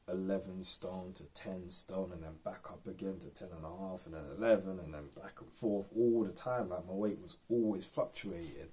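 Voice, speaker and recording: Husky-voiced man rambling candidly. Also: low voice, darkish tone. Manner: rambling and candid, lots of fillers. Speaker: vlogger. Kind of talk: unscripted personal vlog.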